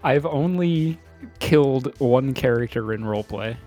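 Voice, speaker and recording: A man's voice: mid-range voice, measured pace, dark tone, soft background music. A man hosting a podcast in casual chat, laid-back and rambling with lots of hesitation. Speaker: podcast host.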